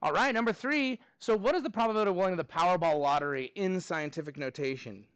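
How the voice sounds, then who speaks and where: A man with a notably high voice leads a live math review, cheerfully counting steps aloud and thinking out loud as he calls on students. The sound is close and dry, with no room echo. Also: quick pace, clean tone. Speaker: math teacher. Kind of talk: live class review lesson.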